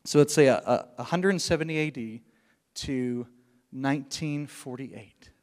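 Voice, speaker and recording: A man preaching a sermon as pastor, with passionate bursts of loud emphasis and dips into hushed, quiet lines. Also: medium pitch, a little slow. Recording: long hall reverb.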